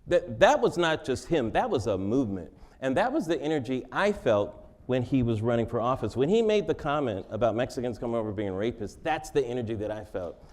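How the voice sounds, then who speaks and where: Animated, joking man in an interview. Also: medium pitch, fairly quick, few pauses. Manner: joking, laughs often. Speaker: interview guest. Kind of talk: conversational interview.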